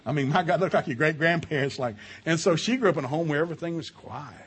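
Husky, folksy preacher man. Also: fast talker, few pauses. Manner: loud and animated, with big jumps in pitch and volume and laughter at his own stories; folksy storytelling mixed with scripture reading. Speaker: preacher at a marriage seminar. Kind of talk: sermon.

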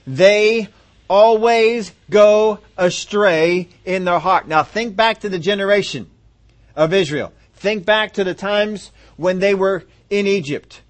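A man preaching a sermon, reading scripture aloud and explaining it with slow, emphatic repetition. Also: high-pitched.

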